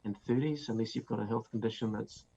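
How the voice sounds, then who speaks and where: Kiwi guy talking as a guest author, gravelly low voice, lots of ums, kinda dull muffled sound with faint hiss. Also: fast talker, warm tone. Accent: New Zealand. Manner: explanatory, with many fillers and restarts. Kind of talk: interview answers.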